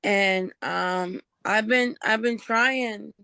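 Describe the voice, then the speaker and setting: A woman calling into a sobriety call with a hoarse, strained voice, speaking frankly and earnestly. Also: mid-range voice, drawn-out words, bright, forceful tone. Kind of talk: candid personal sharing.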